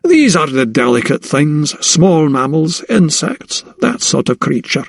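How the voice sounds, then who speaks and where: Scottish sea captain, put on by a male narrator, middle-aged and affable, slow drawn-out brogue. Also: on the high side, sing-song, gravelly, no room sound, studio quality, voice pushed up, exaggerated voice.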